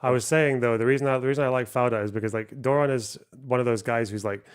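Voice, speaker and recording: A man's voice: medium pitch, steady tone, quick pace, clear, resonant tone. A man hosting a live stream, chatting casually and swearing freely. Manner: laid-back, swears casually. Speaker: streamer host. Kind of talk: casual chat.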